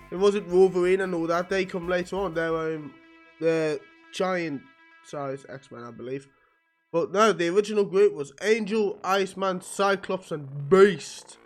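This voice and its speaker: A man's voice: high-pitched, normal speed, soft background music. A man reading a comic aloud with casual, wisecracking, swearing asides. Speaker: comic book reader.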